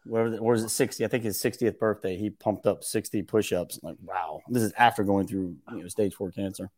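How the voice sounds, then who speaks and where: A man's voice: on the low side, fairly even intonation, a little fast, darkish tone, dry recording, clean studio sound. A man guest telling stories casually, acting out quotes in a raised voice and laughing often. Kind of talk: casual podcast storytelling.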